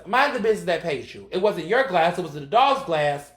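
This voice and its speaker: Sassy, animated male podcast host. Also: sits high, brisk, echoey room. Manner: sassy, animated storytelling with frequent fillers and profanity. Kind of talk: casual opinion monologue.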